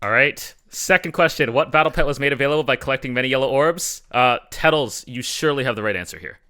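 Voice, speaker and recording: A man's voice: mid-range voice, fast, sharp tone, clear, resonant tone. A man hosting a casual podcast trivia quiz, teasing the players. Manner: teasing, upbeat quizmaster. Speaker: quiz host.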